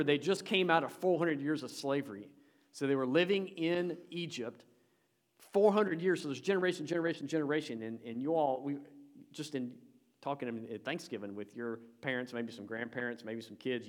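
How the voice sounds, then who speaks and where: A man's voice: mid-range voice, fairly bright tone. Emphatic male pastor preaching. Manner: emphatic, rising and falling in volume; conversational, addressing the congregation directly. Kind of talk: sermon.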